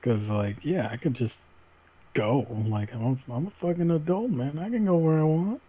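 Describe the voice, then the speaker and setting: A man's voice: on the high side, lively intonation, normal speed, dark tone, slightly rough, muffled recording. A laid-back man chatting on a stream, swearing casually and saying "man" a lot. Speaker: stream guest. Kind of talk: casual chat.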